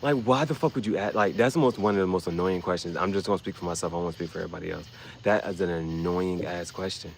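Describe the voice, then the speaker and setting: A man ranting casually and profanely on his vlog, rambling and getting animated as he goes. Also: low voice, fast talker, gravelly, a little hiss or hum, rough recording. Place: dim room.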